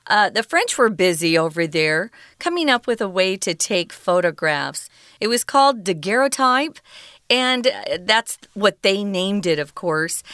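A woman explaining English word usage in a relaxed, conversational lesson with frequent fillers. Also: medium pitch, clean tone, dry recording, clean studio sound. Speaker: English teacher.

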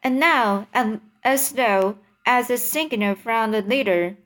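A woman reading a children's book aloud, halting, with slips and self-corrections. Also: on the high side, a bit bright. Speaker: reader.

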